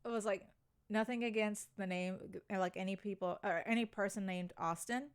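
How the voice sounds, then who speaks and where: An excitable woman co-hosting a casual podcast. She gushes about her favorite scenes and acts out the lines herself. Her voice sits at an ordinary middle pitch. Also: fairly quick, smooth. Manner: excitable, gushing, acts out quotes. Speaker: podcast co-host.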